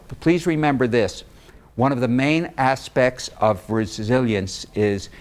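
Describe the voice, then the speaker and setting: Man lecturing with lively, joking storytelling. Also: medium pitch. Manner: lively storytelling, acts out quoted dialogue, joking asides. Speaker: psychologist giving a public talk. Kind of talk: lecture to a live audience. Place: room with a live audience.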